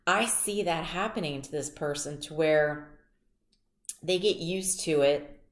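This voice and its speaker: A woman gives a casual tarot reading in a chatty, rambling way, drifting into personal stories. Her voice sits low and her pace is slow. The room around her is echoey. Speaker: tarot reader.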